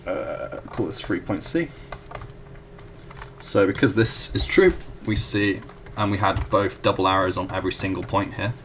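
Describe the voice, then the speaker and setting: Low gravelly young man explaining math. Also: moderate pace, a bit bright, a little hiss or hum. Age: young adult. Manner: chatty, self-correcting, apologetic asides. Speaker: student tutor. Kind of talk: casual whiteboard math walkthrough.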